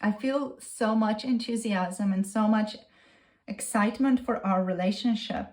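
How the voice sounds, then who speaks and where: Woman tarot reader at a medium pitch, voicing a gushing, repetitive channeled love message. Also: measured pace, darkish tone.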